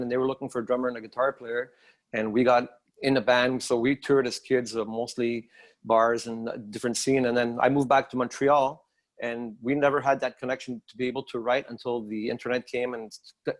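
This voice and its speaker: A man with a Canadian accent, a songwriter guest telling his story in a steady, matter-of-fact way. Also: medium pitch. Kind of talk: casual interview chat.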